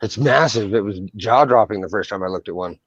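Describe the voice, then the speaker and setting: A man's voice: on the low side, a little fast, no room sound, lo-fi sound. A young man co-hosting a casual coin chat, brash and profane, joking loosely. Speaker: coin channel co-host.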